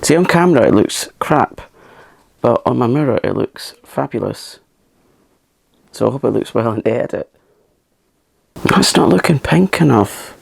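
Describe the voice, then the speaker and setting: A man hosting a makeup channel, talking softly through a tutorial in a chatty, self-mocking way and sometimes dropping into a whisper. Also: mid-range voice, animated, normal speed, gravelly, long pauses. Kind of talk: soft-spoken makeup tutorial.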